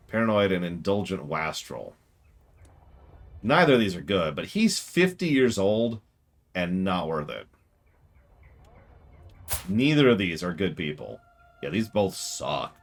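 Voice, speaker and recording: A man giving casual gameplay commentary on a stream, his voice rising and falling in a lively, animated way. He jokes a lot and sarcastically talks back to the game's characters. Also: low-pitched, slow pace, long pauses.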